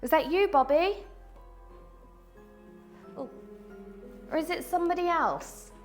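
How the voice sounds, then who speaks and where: A woman with a high voice films herself on a ghost hunt inside an abandoned house. She speaks straight to the spirits, turning jumpy, dropping to a hush and then exclaiming loudly. Faint music plays underneath. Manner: jumpy, swings between hushed and exclaiming. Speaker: paranormal vlogger. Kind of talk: ghost-hunting vlog, talking to spirits. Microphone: small mic on the camera.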